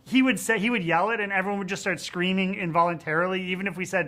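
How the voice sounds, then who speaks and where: A man in his thirties, a film director giving a promotional interview, rambling with many fillers and growing animated as he tells stories from the set. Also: sits high, fast. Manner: rambling, frequent "you know what I mean" and "um"; gets animated and louder telling set stories.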